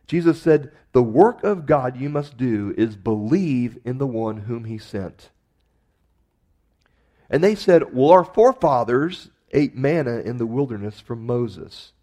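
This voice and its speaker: Man, pastor, sermon, mellow dark tone, conversational, emphatic rises. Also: mid-range voice.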